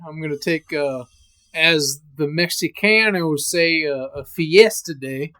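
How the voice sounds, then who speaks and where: A game master narrating a tabletop horror game in a casual, halting way, full of fillers and the odd curse. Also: medium pitch, a bit bright, smooth.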